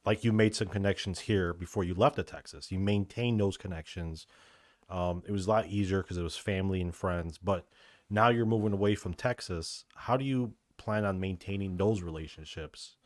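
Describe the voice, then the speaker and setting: Male podcast host, very low voice, relaxed interviewer, dry mic. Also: moderate pace, no echo. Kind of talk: casual interview questions.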